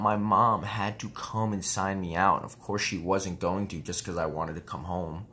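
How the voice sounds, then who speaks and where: A man's voice: sits low, fairly even intonation, normal speed, hardly any pauses, pushed and bright. A man in his twenties telling a personal story casually, rambling and often saying "you know what I mean" with some swearing. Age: 20s. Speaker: vlogger.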